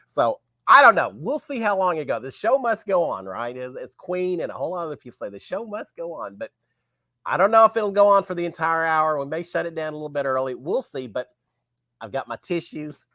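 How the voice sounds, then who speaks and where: A man, hosting a live stream while sick, his voice raspy, greeting viewers by name in folksy casual chat. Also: fairly high pitch, big pitch swings, a little fast, pushed and bright, no echo, clean studio sound. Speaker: show host.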